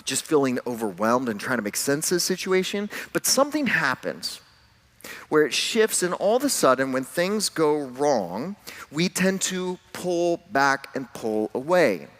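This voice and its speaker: A man's voice: a little high, very animated, unhurried, a bit bright. Man preaching a sermon in a conversational, storytelling style. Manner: conversational storytelling with self-deprecating humor. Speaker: pastor.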